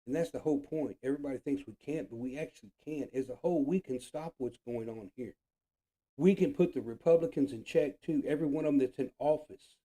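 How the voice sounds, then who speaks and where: A man from the United States with a very dark, mellow voice at an ordinary pitch rants about politics on his own show. He is blunt, frustrated and heavily profane, and he hammers his points home by repeating them. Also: fairly quick. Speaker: show host. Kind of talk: political rant monologue.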